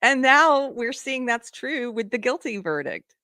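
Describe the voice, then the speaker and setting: A woman's voice: a little high, very animated, a little slow, bright, forceful tone, dry recording, clean studio sound. A middle-aged woman hosting a live political commentary stream, talking casually and sarcastically, often laughing.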